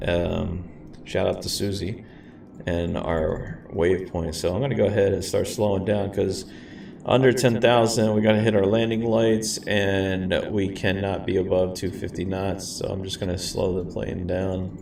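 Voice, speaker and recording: A man's voice: low-pitched, level tone, a little slow, gravelly, darkish tone. A man giving casual, rambling commentary while flying a simulator, talking to his viewers. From grew up in a city. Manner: laid-back, rambling, says "man" and "guys". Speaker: flight sim streamer. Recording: echoey room, mic far off, faint hiss.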